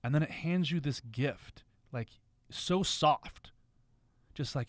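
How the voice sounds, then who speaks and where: A man's voice: on the high side, takes it slowly, long pauses, dry recording. A man speaking as a podcast guest, raw and confessional, swearing freely. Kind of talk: candid podcast conversation.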